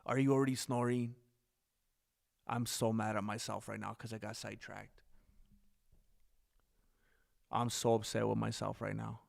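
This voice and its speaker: Gravelly-voiced man chatting on a livestream. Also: fairly low pitch, flat delivery, normal speed. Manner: rambling, chatty, talks straight to viewers. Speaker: livestream host reading chat. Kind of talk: casual livestream chat.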